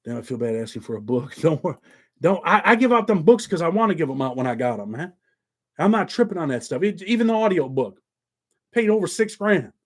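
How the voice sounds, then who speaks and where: Man, middle-aged, blunt, streetwise, swears a lot, slightly high voice, casual monologue. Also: very animated, brisk. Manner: blunt, streetwise, profane and conversational. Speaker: YouTube channel host.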